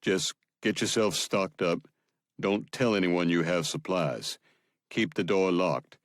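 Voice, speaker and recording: A man voicing a calm, protective soldier in an audiobook, firm and clipped. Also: deep voice, slow pace, no echo, studio quality.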